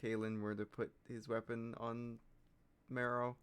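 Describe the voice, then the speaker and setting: A woman's voice: a bass voice, level tone, measured pace, clear, resonant tone. A woman game master chatting casually with her players before a tabletop session, easygoing and reassuring. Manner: easygoing, reassuring, lots of fillers.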